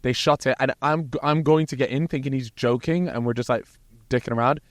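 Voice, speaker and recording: A man's voice: medium pitch, brisk, no room sound. Swearing man telling a rambling story. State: hungover. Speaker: podcast co-host. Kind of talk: casual chat. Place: inside a parked RV.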